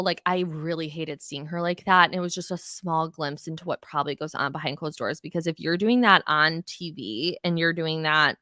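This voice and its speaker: A woman's voice: on the low side, no echo. Woman podcaster ranting and swearing, voice jumping all over, dry close sound. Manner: blunt, profane, animated ranting. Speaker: podcast host. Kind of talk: casual reality TV recap.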